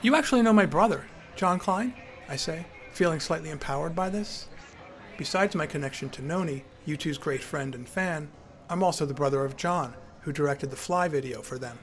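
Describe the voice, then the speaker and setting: Male author-narrator, wry storyteller, slightly high pitch, soft music bed. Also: normal speed. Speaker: author narrating his memoir. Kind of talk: audiobook memoir narration.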